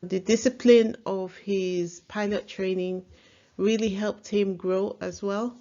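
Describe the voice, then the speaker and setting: A chatty woman reviews a book in a casual vlog, giving her opinions freely. Her voice sits at a mid pitch, and the recording sounds dull and lo-fi. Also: fairly even intonation, slow pace, warm tone. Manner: chatty, opinionated, laughs easily.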